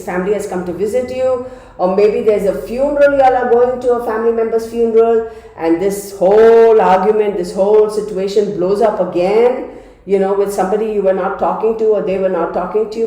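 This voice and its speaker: A congested woman giving a casual tarot reading, chatty and dramatic. Her voice is mellow and dark. It rings out in a very echoey room. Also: mid-range voice. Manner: chatty and dramatic, addresses viewers as y'all. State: congested from a cold. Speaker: tarot reader.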